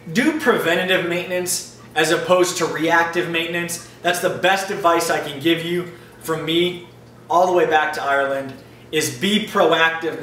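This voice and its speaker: A friendly, loose-talking man chats through viewer questions in a casual vlog. His voice is bright and a touch high, and the room is echoey. He sits back from the mic, with a faint hum of room noise behind him. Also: far from the mic. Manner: chatty, upbeat, loose and informal. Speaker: aquarium hobbyist answering viewer questions. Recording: roomy echo, mic set back, faint ambient noise.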